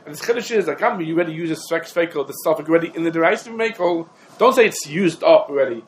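A man teaching a Torah class, talking quickly and emphatically, his explanations dense with Hebrew and Aramaic legal terms. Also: fairly high pitch, animated, slight background noise, rough recording. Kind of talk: rapid halachic lecture.

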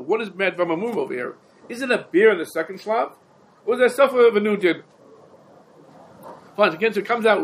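A man teaches a halachic text in an animated lecture. He asks questions and answers them himself, in a fairly high voice. Faint room hum sits behind him. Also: poor audio. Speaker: Talmud teacher. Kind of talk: yeshiva-style halachic lecture.

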